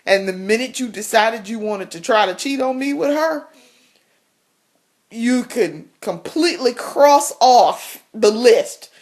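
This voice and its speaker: A woman's voice: on the high side, lively intonation, slow, darkish tone. A woman vlogger telling a story in a casual, blunt rant, swearing freely and laughing often.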